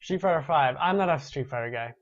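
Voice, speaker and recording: A man's voice: fairly high pitch, animated, quick pace, dry recording, lo-fi sound. A man in his twenties hosting a gaming show, chatting casually and rambling with restarts while reading viewer comments. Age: 20s.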